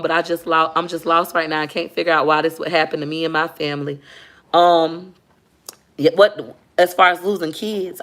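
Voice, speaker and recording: A young woman, chatting candidly on a casual livestream. Her voice sits slightly low and has a gravelly, fry-edged texture. She talks openly with her viewers and reads out their comments as she goes. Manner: chatty, candid, animated when retelling. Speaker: vlogger reading viewer comments.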